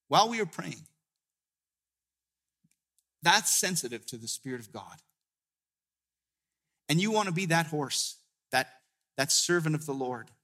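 A middle-aged man, a guest pastor, preaching a sermon as a personal story, stumbling over restarts and dropping his voice low in tender moments. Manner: storytelling, many restarts, drops to a hushed tone in emotional moments.

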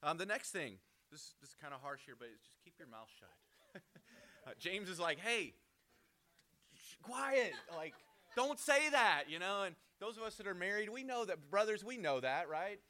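Man, casual bible teaching, slightly high voice, bright and forceful, chatty with lots of restarts. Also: lively intonation, a little fast. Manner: conversational, checks in with frequent "right?"; frequent restarts and repeated words.

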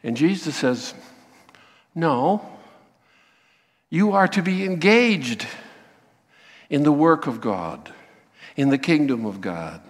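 Man, pastor, sermon, slow deliberate delivery, gravelly, long church reverb. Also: a little high. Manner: animated preaching, acting out quoted voices.

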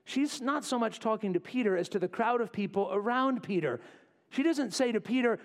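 A male pastor preaching a sermon, acting out quotes and dropping to quiet asides. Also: extremely high pitch, fairly quick. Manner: animated, acts out voices in quotes, drops to quiet asides.

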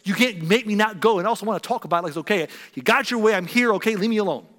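A man's voice: extremely high pitch, fairly even intonation, measured pace, gravelly, a bit bright, voice pushed up, full character voice. A man voicing his own teenage self as a sulking boy arguing with his mother, whiny and defiant. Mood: sullen. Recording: long reverb in a large hall.

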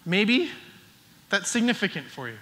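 A man's voice: high voice, big pitch swings, measured pace, a bit bright. A middle-aged man preaching a sermon as pastor, earnest and emphatic. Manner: earnest, builds emphasis with restarts.

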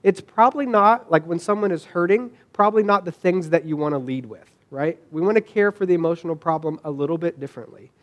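Man, pastor, sermon, high voice, conversational, restarts often. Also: fast talker, few pauses, lo-fi sound. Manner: conversational, with repeated restarts and asides to the congregation.

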